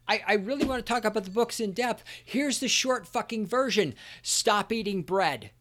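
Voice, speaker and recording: A man hosting a solo podcast, ranting angrily with constant swearing and sometimes shouting. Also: sits high, brisk. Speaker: podcast host.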